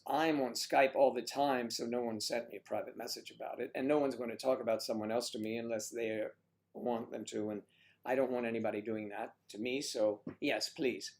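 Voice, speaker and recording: Chatty male livestream host. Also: mid-range voice. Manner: chatty, teasing, calls viewers honey and sweetie. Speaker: livestream host reading chat. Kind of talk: casual livestream chat.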